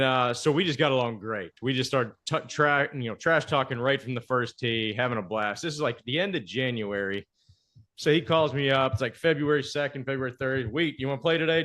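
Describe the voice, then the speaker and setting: A man hosting a podcast, telling golf stories animatedly and asking guests questions. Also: mid-range voice. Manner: animated anecdote telling, soft-spoken when asking questions. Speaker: podcast host. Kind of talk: casual storytelling and interviewing.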